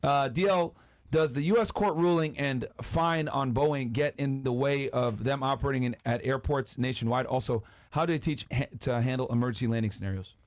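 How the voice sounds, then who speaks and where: A man hosting a podcast, asking the guest questions in a halting, casual way. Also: medium pitch.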